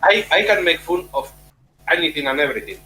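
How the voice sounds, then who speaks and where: Blunt man with a lively, bright voice. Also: fairly high pitch, a little fast, low-quality recording. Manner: blunt, emphatic, swears. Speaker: returning guest. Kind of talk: casual chat. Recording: faint background noise and hum.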